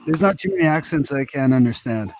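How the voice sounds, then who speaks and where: A Canadian man, a fellow channel owner, chatting in a friendly, relaxed way. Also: a little high, fast talker, slight background noise. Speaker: fellow biker YouTuber. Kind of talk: casual chat on a stream.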